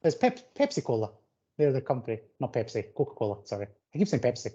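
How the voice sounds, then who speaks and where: Brief: relaxed male podcast co-host, mellow dark tone, muffled lo-fi sound. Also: mid-range voice, quick pace, slightly rough. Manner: easygoing, agrees a lot, trips over words. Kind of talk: casual film-review chat.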